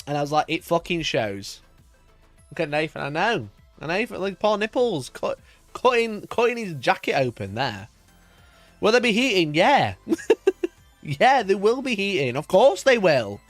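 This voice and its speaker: A man hosting a casual live stream, with a high voice that swings widely up and down as he rants in mock outrage. He swears freely and breaks into laughter between points. The sound is dry and close, with faint music underneath. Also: very animated, normal speed, no echo. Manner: swears a lot, laughs often, rants and reads chat aloud; mock outrage, voice jumps up when worked up. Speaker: livestream host.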